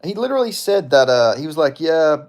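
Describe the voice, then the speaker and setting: A man with an Australian accent hosts a livestream, his voice a little high with big pitch swings and a quick pace. He chats loosely and jokingly, answering viewer comments, swearing often and laughing between lines.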